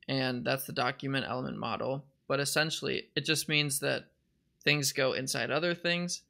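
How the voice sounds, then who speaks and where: Gravelly-voiced man explaining coding projects. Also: mid-range voice. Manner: relaxed, conversational, uneven pace with pauses. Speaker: programming tutorial host. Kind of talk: casual explanatory tutorial.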